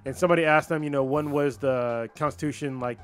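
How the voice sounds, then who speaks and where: Profane, animated male podcast storyteller. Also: a little high, quick pace. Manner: profane, animated storyteller who acts out the characters' lines. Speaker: podcast co-host. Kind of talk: casual chat, retelling a story.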